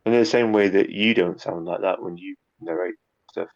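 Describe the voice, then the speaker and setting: Low gravelly man, lo-fi chat. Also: moderate pace. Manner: relaxed, rambling with repeats and fillers. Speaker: guest, YouTube narrator. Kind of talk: casual interview chat.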